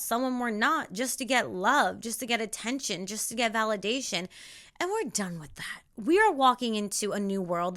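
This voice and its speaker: A young woman hosting a spiritual self-help podcast, talking in an emphatic, repetitive, animated way. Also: a little high. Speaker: podcast host.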